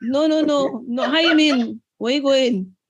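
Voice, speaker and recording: A woman's voice: high-pitched, moderate pace, highs cut off, slight background noise. A woman co-hosting a podcast, breaking in with short, incredulous reactions. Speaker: podcast co-host. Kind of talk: casual chat.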